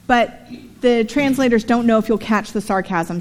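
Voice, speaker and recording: A woman's voice: mid-range voice, normal speed, a little mellow, big-room sound, a little hiss or hum. A woman pastor preaching a sermon in a synagogue, telling a story with playful asides and reading scripture aloud.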